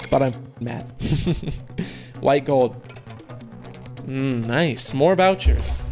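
A man's voice: on the high side, lively intonation, a little slow, soft background music. A young man giving casual commentary on opening online cases, groaning at losses and cheering at wins, talking in slang to his viewers. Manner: swings between groaning frustration and loud cheering. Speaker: case-opening video host. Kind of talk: excited gaming commentary.

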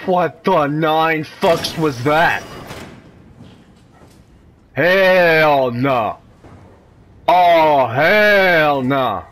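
A man's voice: fairly high pitch, extremely slow, pauses often, fairly bright tone. A man giving let's-play commentary on a horror game, jumpy and nervous, swearing a lot and talking to himself in nervous rambles. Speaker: video game player.

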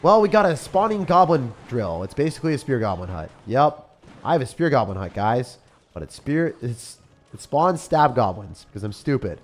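A young man giving live commentary on his game as a streamer, swinging between loud outbursts and low muttering. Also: very animated, normal speed. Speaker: gaming streamer. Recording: faint music behind voice.

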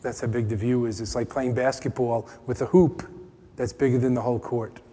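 American guy leading a retreat talk, jokey then hushed, echoey hall. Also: medium pitch, flat delivery, fairly quick. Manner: playful, teasing, drops to soft quiet tones. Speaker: meditation teacher. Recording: long hall reverb.

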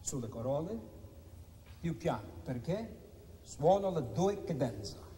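An actor playing a Baroque priest-composer coaching young string players with brisk, clipped rehearsal commands. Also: male voice, on the high side, big pitch swings, faint music behind. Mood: instructing. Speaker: actor in a documentary reenactment. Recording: reverberant hall, heard from afar. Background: loud violin playing.

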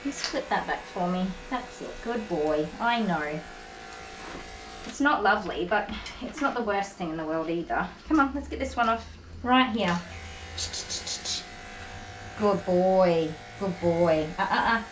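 A woman's voice: mid-range voice, expressive, slow, long pauses, fairly bright tone, slight background noise. Woman, dog groomer, soothing repetitive praise, chatty asides, echoey room, faint clipper buzz. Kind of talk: talking to a dog while grooming, asides to viewers. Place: grooming salon. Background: electric clippers buzzing.

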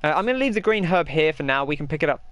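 A man's voice: a little high, lively intonation, rapid-fire, fairly bright tone, smooth, dry recording. A young man giving casual, rambling commentary while he plays a game and answers viewers' chat. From England. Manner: chatty, rambling, reads chat aloud. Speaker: gaming streamer.

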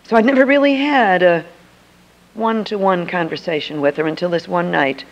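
A woman's voice: on the low side, normal speed, lo-fi sound. An older woman, a Christian speaker, telling a personal story to an audience in an earnest, emphatic way.

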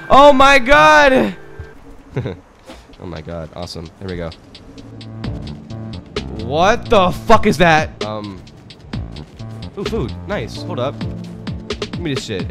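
A young man giving loose, excitable commentary while playing a video game, swearing often and talking to his chat. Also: fairly low pitch. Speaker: gaming streamer. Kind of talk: casual let's-play commentary. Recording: game music playing behind. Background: game music.

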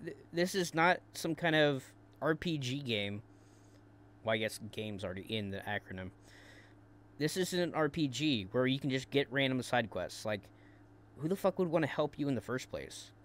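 A man hosting a commentary show, taunting and crude, tripping into quick repeated words as he mocks. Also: medium pitch. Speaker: commentary host. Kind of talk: mocking commentary.

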